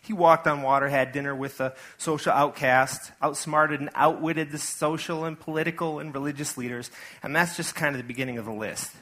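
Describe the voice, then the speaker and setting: A man delivering a sermon in a church, talking to the congregation like he's chatting with them. His voice is bright and a touch high, and he breaks up the reading with quick asides. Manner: conversational, animated preaching with asides and acted-out quotes. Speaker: pastor.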